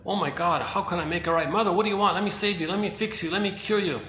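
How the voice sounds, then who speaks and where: A man's voice: sits high, fast talker, fairly bright tone, roomy sound, slight background noise, voice pushed up. A man voicing the inner voice of a frightened baby boy who pleads with his mother in frantic, repetitive questions. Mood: frightened pleading.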